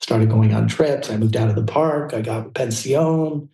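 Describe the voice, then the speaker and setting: Mellow-voiced older man, roomy distant sound. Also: normal speed, vocal fry. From California. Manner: animated anecdotes, acts out quoted people in a higher voice. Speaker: guest, fashion photographer. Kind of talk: casual storytelling interview.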